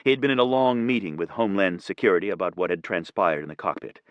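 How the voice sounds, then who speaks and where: A man narrating an audiobook in a steady, even reading. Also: deep voice, fast talker, no echo. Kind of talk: scripted narration.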